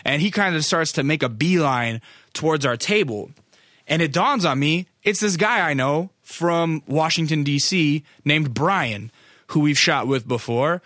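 A man's voice: on the high side, expressive, measured pace, a bit bright, no echo, studio quality. A young adult man, a photographer, telling a rambling, profane story full of "like" fillers. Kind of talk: casual storytelling.

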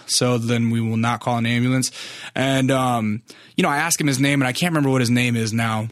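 A man's voice: medium pitch, steady tone, quick pace, dry recording. Profane rambling guy telling a story. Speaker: podcast host. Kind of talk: casual storytelling monologue.

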